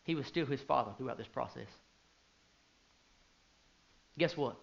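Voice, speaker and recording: A man in his thirties, a pastor preaching a sermon, who moves from quiet, low talk to loud, fervent bursts and asks the congregation many rhetorical questions. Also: fast, creaky, muffled recording. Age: 30s.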